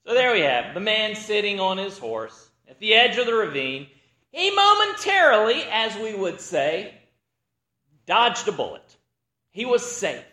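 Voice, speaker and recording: A man preaching in an echoey room, his high voice swinging up and down as he tells a joke and acts out each character. His tone is bright and forward, the manner of a practiced storyteller. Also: sing-song, measured pace. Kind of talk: sermon with a joke opener.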